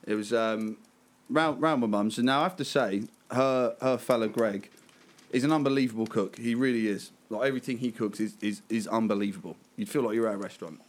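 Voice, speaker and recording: A man's voice: fairly low pitch, a little fast. A man around thirty, telling a laughing, sweary anecdote in casual chat among friends.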